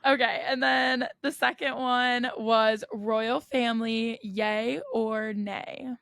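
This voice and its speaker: Brief: young American woman, podcast co-host, chatty and giggly, fry-heavy voice, close dry mic. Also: on the high side, fairly even intonation, slow pace, a bit bright, no room sound. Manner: chatty storyteller, frequent laughs and "like" fillers. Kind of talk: casual chat.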